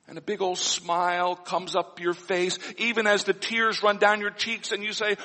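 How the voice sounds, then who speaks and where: A man preaching a sermon as a pastor, blunt and wry with slow dramatic pauses. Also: high voice, pushed and bright. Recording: long hall reverb.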